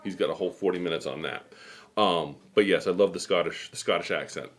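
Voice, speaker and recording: Middle aged guy hosting, kinda low voice, rambly chatty stories. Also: fairly quick, a bit bright. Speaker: host. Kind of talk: casual chat.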